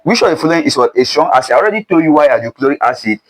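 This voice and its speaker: A man's voice: a little high, very animated, racing, low-quality recording. A young man teaching a chemistry exam prep lesson. He keeps prompting with "what?" before each answer, in a call-and-response way. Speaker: chemistry tutor.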